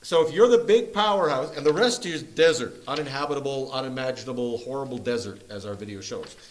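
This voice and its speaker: In a church meeting room, a man with a mid-range voice leads a Bible study, teaching from a map. He talks briskly in a playful, joking way and laughs often, though the audio quality is poor.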